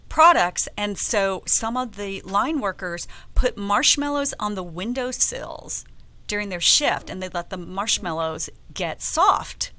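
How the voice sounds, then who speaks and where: A woman from the American South hosting a casual radio talk show, telling stories with animated, playful asides. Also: mid-range voice. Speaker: host. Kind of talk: casual radio chat, storytelling.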